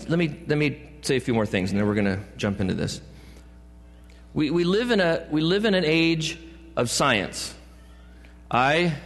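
A man preaching a sermon as a pastor, with playful asides and jokes. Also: mid-range voice. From California. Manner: joking asides and playful put-on voices. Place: church sanctuary. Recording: long church hall reverb.

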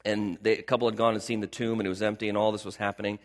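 A man's voice: on the low side, little pitch movement, racing. A man preaching a sermon as pastor. He talks conversationally, repeats key words for emphasis, and asks his congregation questions. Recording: long hall reverb.

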